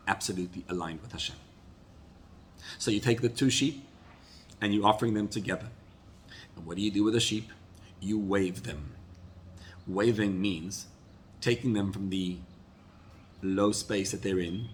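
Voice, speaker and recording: A male rabbi giving an earnest, animated sermon. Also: fairly low pitch, a little hiss or hum. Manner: earnest, animated storytelling with acted quotes.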